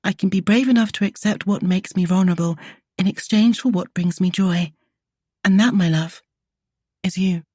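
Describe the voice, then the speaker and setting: An impassioned, independent heroine, earnest and emotional, her voice trembling, as a woman narrator plays her. The tone is husky and fairly low. The recording is dry and close. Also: normal speed, dark tone, dry recording. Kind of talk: audiobook character voice.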